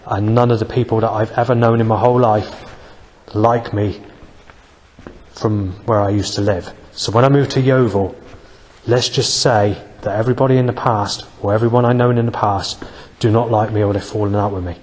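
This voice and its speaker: A man speaking in a rambling, aggrieved personal monologue, halting often with fillers. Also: lowish voice, steady tone, darkish tone, in a large hall. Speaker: vlogger.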